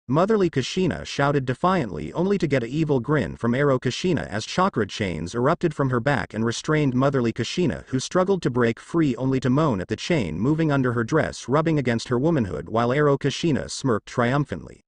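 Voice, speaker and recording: A man narrating a fanfiction story in an expressive reading. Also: mid-range voice, a little fast, no room sound.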